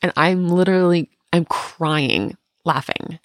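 A middle-aged woman co-hosting a casual chat, telling animated stories and laughing often. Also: fairly low pitch, takes it slowly, no echo, studio quality.

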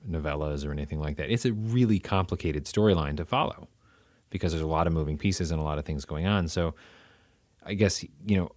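A middle-aged man in relaxed conversation who talks through his ideas, hedging and rephrasing as he goes. His voice is deep and sounds dry and close to the mic. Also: a little fast, no echo. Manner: thoughtful, hedging, restarts phrases. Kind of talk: casual chat.

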